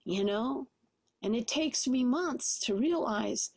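A woman's voice: fairly high pitch, expressive, slow, no room sound. A middle-aged woman sharing a personal testimony at church, conversational and full of "you know" fillers. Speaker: church speaker.

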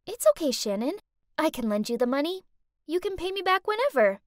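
A woman voicing a sweet, high-voiced schoolgirl friend. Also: sing-song, slow, no echo, clean studio sound, exaggerated voice.

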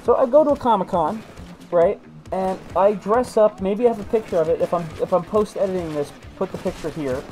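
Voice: mid-range voice, fairly quick, a little mellow, rough recording. A video game host chatting casually while playing, rambling through stories with many restarts. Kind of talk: casual let's-play commentary.

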